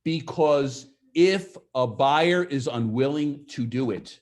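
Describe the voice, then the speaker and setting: A man giving a lively seminar talk to an audience of agents, asking them questions and acting out what clients say. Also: medium pitch, slow pace. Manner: energetic, asks the audience questions, acts out quoted clients. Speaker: real estate sales trainer.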